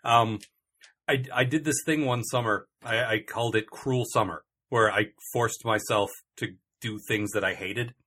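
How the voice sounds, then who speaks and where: A man's voice: lowish voice, fairly even intonation, moderate pace, bright, forceful tone. A man co-hosting a comedy podcast, chatting casually in a rambling, self-interrupting way with dry, complaining humor. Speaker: podcast co-host.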